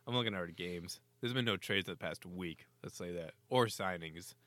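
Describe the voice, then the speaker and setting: A man's voice: deep voice, moderate pace, a bit bright, no room sound. A man co-hosting a hockey chat, telling stories animatedly, laughing and swearing. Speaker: hockey podcast co-host. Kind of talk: casual sports banter.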